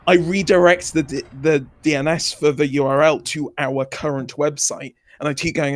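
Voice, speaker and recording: A man's voice: fairly high pitch, fairly even intonation, normal speed, no room sound. A man co-hosting a casual chat, telling a story in a dry, matter-of-fact way. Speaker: co-host.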